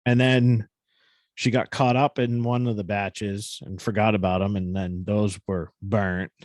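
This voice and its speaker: A man's voice: lowish voice, flat delivery, a little slow, darkish tone, no echo. A man co-hosting a podcast, telling a story in casual, profane chat with a New England accent. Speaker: podcast co-host.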